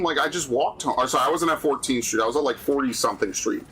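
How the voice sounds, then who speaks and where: A man's voice: medium pitch, fast talker, few pauses, a bit bright. A man streaming a game, ranting profanely about city life in casual chat.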